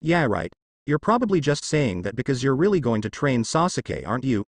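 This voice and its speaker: Man doing brash teenage ninja boy, shouting, defiant, lively, dry sound. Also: mid-range voice, fairly quick, no echo. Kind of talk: fan fiction reading.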